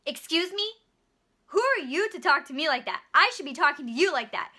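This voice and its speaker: A rude, indignant customer, huffy and demanding, with a high, bright ring to her voice, as a woman puts her on while retelling a story. She snaps at a store clerk. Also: expressive, fairly quick.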